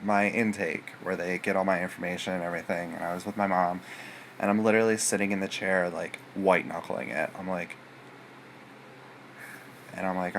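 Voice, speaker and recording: A man's voice: fairly low pitch, normal speed, pauses often, a bit bright, a little hiss or hum. A man telling a personal story to his viewers in a rambling, hesitant way, full of fillers and restarts. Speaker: vlogger.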